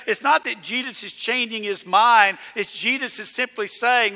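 A man preaching a sermon as pastor, emphatic, rising to loud declarations. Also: high-pitched, moderate pace, few pauses. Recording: reverberant church hall.

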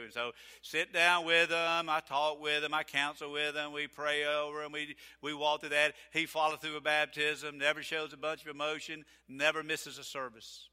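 A man's voice: on the high side, flat delivery, moderate pace, hardly any pauses, bright, forceful tone, smooth, in a large hall. A man preaching a sermon as pastor in a church, telling stories in a conversational way with frequent restarts. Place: church sanctuary.

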